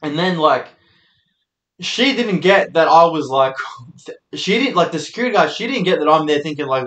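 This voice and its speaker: A young man hosting his own show, telling loose, laid-back stories with plenty of swearing. His voice sits a bit high for a man. The room around him is noticeably echoey. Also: lively intonation, moderate pace, a bit bright. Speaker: host. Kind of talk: casual storytelling monologue.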